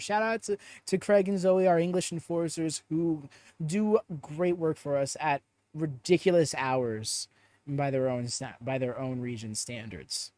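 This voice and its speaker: A man hosting a live podcast, chatting in an animated, opinionated way and rambling off on tangents as he reads the audience chat aloud. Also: a little high, unhurried, no echo. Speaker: podcast host.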